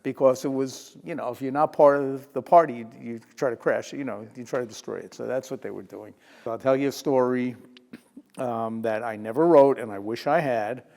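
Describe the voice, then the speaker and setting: An older man spins lively anecdotes as an interview guest. His voice has a gravelly, creaky edge. The room adds a long, lingering reverb. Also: mid-range voice, normal speed. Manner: lively anecdotal storyteller who laughs and acts out quotes. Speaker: retired sports journalist, interview guest. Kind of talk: storytelling in a sit-down interview.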